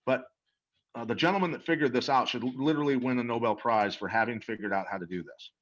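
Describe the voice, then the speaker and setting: Fast and fairly bright, a medium-pitched middle-aged man speaks through lo-fi sound. He's an interview guest animatedly telling stories about a product, earnest and emphatic, with frequent repeated words.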